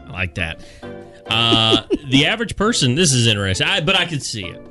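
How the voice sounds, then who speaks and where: A man's voice: medium pitch, big pitch swings, fairly quick, bright, forceful tone, soft background music. A man hosting a radio show, upbeat and teasing, laughing often with his co-hosts. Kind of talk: casual studio banter.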